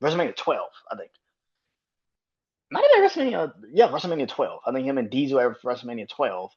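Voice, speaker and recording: A man talking on his own podcast in a casual, rambling monologue, swearing freely and breaking into laughter. His voice sits in a middle range and turns loud and high when he gets worked up. The recording sounds a little dull and lo-fi. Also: big pitch swings, fast talker, breathy edge. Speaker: podcast host.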